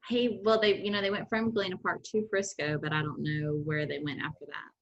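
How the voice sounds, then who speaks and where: A woman's voice: fairly low pitch, little pitch movement, fairly quick, gravelly. A middle-aged woman, co-hosting a podcast and telling rambling stories in casual chat. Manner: rambling, conversational with many asides. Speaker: podcast co-host. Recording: dull, slightly muffled sound.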